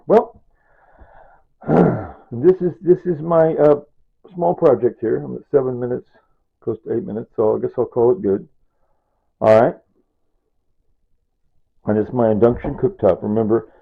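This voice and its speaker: An older man in his sixties talks through a cooking demonstration in a chatty, wandering way, full of asides. His voice is husky. The sound is thin and tinny, like a phone line. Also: medium pitch. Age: 60s. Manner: rambling and chatty, with asides and chuckles. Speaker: home cooking vlogger.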